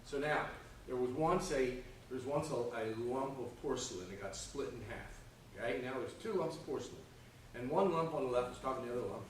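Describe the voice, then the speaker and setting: With an expressive, fairly quick delivery in a plain, mid-pitched voice, a man teaches a conversational Sunday school Bible lesson and checks in often by asking "okay?" and "right?". The distant mic captures him in an echoey church classroom with slight background noise.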